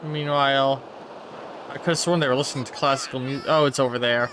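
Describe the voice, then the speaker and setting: A man's voice: mid-range voice, steady tone, fairly quick, noisy background. A man giving casual, playful commentary over a video game, muttering to himself and now and then putting on silly voices. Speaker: gameplay streamer. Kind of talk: casual let's-play commentary.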